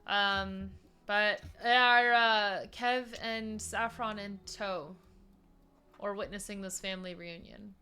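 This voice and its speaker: A woman's voice: medium pitch, fairly even intonation, slow pace, bright, forceful tone. A woman player in a tabletop game, chatty and self-deprecating while feeling sick and foggy. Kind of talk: casual tabletop role-play.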